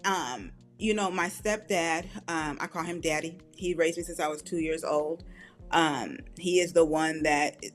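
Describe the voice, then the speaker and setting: A middle-aged woman, an author and podcast guest, telling candid personal stories in an animated way, acting out quoted voices and laughing often. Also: low voice, a little slow, faint music behind. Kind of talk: candid conversational storytelling.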